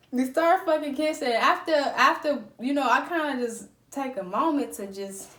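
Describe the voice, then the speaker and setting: A woman vlogger telling a story in a lively, profane storytime style. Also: high-pitched, slow pace, long pauses. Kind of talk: storytime vlog. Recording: roomy echo.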